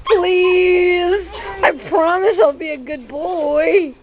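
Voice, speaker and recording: Woman putting on a needy male pup, high and whimpering, begging for his prize. Lo-fi home clip with hiss. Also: steady tone, drawn-out words, heavily acted. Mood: pleading. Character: whiny pleading male puppy begging for a bird. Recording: dull noisy home video.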